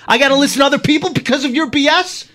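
A man's voice: fairly high pitch, animated, fairly quick, lightly acted. A man putting on a heated mob boss voice for a movie scene reading on a morning radio show. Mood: menacing. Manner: loud, heated, threatening. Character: menacing male mob boss, threatening.

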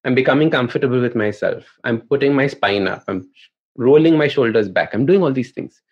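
A male podcast host with a mid-range voice talks in a relaxed, conversational way. He nudges the guest with questions and tells little stories. The recording sounds somewhat dull and lo-fi. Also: mid-range voice, brisk. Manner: conversational, prompting, relates anecdotes. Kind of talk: podcast interview.

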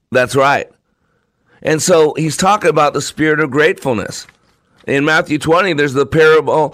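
A man's voice: a little high, a bit bright, no room sound. A man hosting his own talk show, delivering an emphatic, repetitive, preacher-like monologue. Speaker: show host.

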